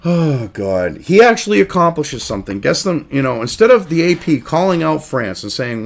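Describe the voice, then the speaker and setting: A man's voice: a little high, very animated, moderate pace, creaky, hardly any pauses. A man hosting a political news commentary video, ranting angrily and sarcastically with heavy swearing. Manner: mocks others in put-on voices. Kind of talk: profane political commentary rant.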